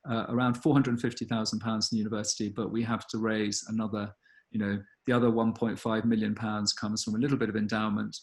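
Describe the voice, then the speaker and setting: A man, a gallery director answering audience questions in an earnest, thoughtful way with many pauses and ums. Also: lowish voice, level tone. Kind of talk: live online Q&A talk.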